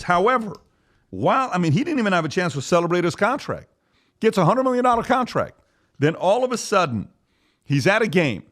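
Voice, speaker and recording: A man host leading a casual panel discussion, directing his producer and tossing topics to the panel. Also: a little high. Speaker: podcast host.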